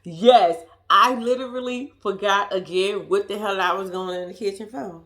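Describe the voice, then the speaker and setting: A woman's voice: medium pitch, moderate pace, a bit bright. A woman vlogger telling a story to her viewers in casual chat, swearing freely and laughing at herself.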